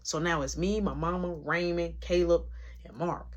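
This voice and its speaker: A woman's voice: fairly low pitch, fairly even intonation, moderate pace, dull audio. A young adult woman telling a story in casual slang, full of sound effects.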